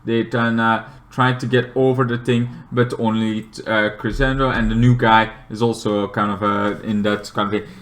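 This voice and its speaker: A man in his late twenties casually recaps a movie plot, rambling and padding his sentences with fillers like "kind of thing." His voice sits fairly low and is a bit bright, with a level tone and a moderate pace.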